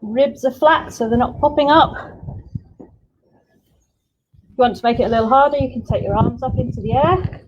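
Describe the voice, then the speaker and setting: A woman's voice: high-pitched, normal speed, pauses often, slightly rough, dull audio. Upbeat woman coaching a workout. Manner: upbeat coaching, chatty asides. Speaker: fitness instructor. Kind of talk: live workout class instruction.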